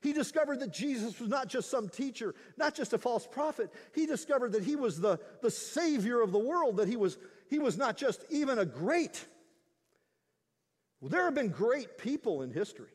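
High, lively male preacher in a reverberant hall. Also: normal speed. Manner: emphatic, conversational preaching with storytelling asides. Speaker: pastor. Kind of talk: sermon.

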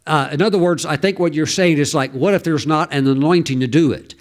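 A man's voice: on the high side, brisk. A middle-aged male pastor preaching a sermon, telling stories and urging his listeners on with fervor. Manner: storytelling preacher who exhorts and laughs loudly.

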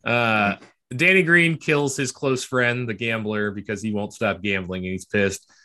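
A man co-hosting a casual movie podcast, recapping the plot in quick bursts and laughing often. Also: fairly low pitch, bright, forceful tone. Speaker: podcast co-host.

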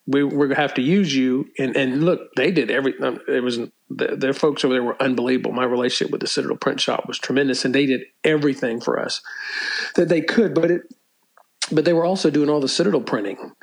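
An older man tells stories in a casual interview, restarting often, clearing his throat and laughing at his own tales. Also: medium pitch, fast talker, low-quality recording. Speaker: former college sports media relations staffer, guest.

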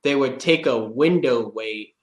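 In a casual podcast chat, a man with a mid-range voice and measured pace rambles through a fishing story, laughing as he goes and leaning on plenty of "like" fillers. The recording has a roomy echo.

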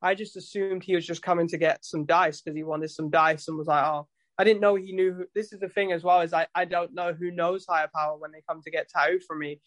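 A man's voice: a little high, steady tone, quick pace, few pauses, a bit bright, dry recording. A man, a musician guest telling stories in a casual chat, rambling and swearing freely. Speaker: guest musician and tattoo artist.

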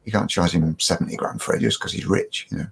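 An older Englishman tells his story as a guest in a rambling, self-mocking way. His low voice is gravelly and a little husky, and he trips over his words and restarts often. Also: fast talker. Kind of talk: casual storytelling.

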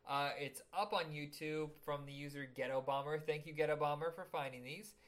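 A man's voice: fairly high pitch, steady tone, brisk, a bit bright. A man hosting a casual podcast, joking crudely and rambling through stories. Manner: jokey, rambling, crude humor. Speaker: podcast host. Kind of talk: casual chat.

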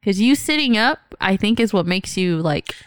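A woman's voice: medium pitch, animated, moderate pace, dry recording, clean studio sound. A young woman in casual chat, telling stories animatedly, laughing often and swearing freely.

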